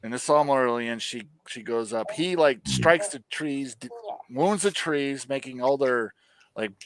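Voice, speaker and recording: A man hosting a casual review chat, animated and ranting, swearing freely. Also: mid-range voice, unhurried. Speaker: host.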